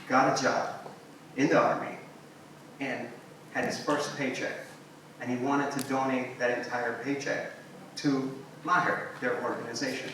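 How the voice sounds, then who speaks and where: A man's voice: medium pitch, distant mic, slight background noise. Man telling a story in an echoey hall. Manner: animated storyteller, voices quotes, drops to soft tones. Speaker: invited speaker. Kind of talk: storytelling keynote talk. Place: symposium hall. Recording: echoey hall, picked up from afar.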